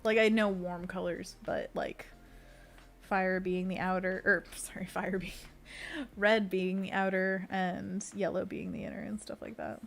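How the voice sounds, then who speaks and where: A woman illustrator livestreams herself sketching, talking casually as she draws, reading the chat aloud and making little noises for effect. Her medium-pitched voice is flat, unhurried and creaky, and soft background music plays.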